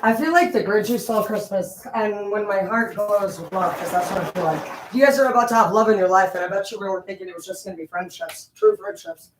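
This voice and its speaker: A woman vlogging at home in a rambling, profane, animated monologue. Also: mid-range voice, slight background noise. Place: home, indoors. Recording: echoey room, voice from a distance.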